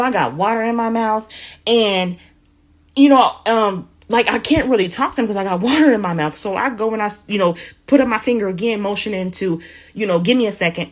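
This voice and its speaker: Woman, mid-pitch, recounting a personal run-in. Animated, quotes people as she goes. Muffled lo-fi audio. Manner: animated retelling, acts out quotes. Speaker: hotel resident telling her story. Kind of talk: casual storytelling. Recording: dull lo-fi audio.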